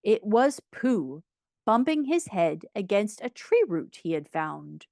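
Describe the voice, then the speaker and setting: Woman, children's audiobook reader, expressive, lively intonation, dry close sound. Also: mid-range voice, slow, creaky, no room sound. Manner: expressive, storytelling.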